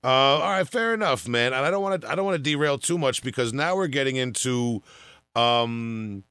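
Podcast host, male, Long Island accent; bright, smooth tone, relaxed and halting delivery. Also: medium pitch, dry recording. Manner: laid-back, halting, filler-heavy. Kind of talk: casual interview chat.

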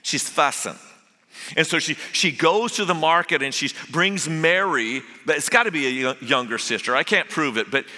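Male guest preacher, bright and fairly high, humorous storyteller, long hall reverb. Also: expressive, normal speed. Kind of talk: sermon. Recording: echoey hall.

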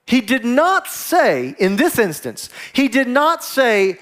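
Animated high-voiced male pastor preaching. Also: takes it slowly, hardly any pauses. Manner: animated preaching, acts out quoted dialogue. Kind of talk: sermon.

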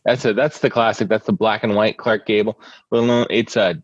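Hesitant low male guest on a muffled mic. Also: fairly even intonation, a little fast, over a noisy crowd. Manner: hesitant, many "uh" restarts. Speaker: podcast guest. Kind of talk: casual chat.

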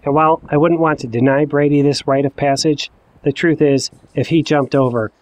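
A man's voice: on the high side, steady tone, normal speed, a little mellow. Wry self-mocking man in his forties. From Ohio. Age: 40s. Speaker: narrator. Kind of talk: first-person storytelling.

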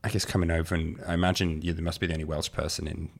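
Male interviewer, very low voice, brisk conversational delivery. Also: flat delivery, vocal fry. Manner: conversational, prompting questions. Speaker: host. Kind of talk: casual interview.

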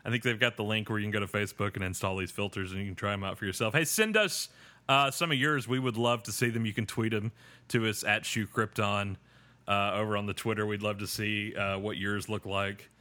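A man hosting a podcast and walking through an episode recap in a loose, rambling way. He pokes fun at himself as he goes. His voice has a bright, forward edge. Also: lowish voice, steady tone, a little fast. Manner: rambling, self-deprecating, with many fillers and restarts. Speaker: podcast host. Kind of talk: casual episode recap chat.

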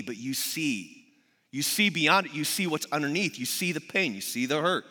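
A man preaching to a congregation with a bright, forceful, slightly high voice. He tells stories with energy and humor. The long reverb of a large church hall trails behind him. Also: brisk. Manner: energetic storytelling with acted quotes and humor. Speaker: pastor. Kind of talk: sermon.

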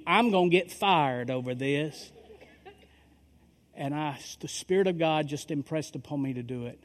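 A man's voice: on the high side, a little slow. A middle-aged male pastor telling a story in a sermon, acting out the dialogue of the people in it. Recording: long reverb of a large hall.

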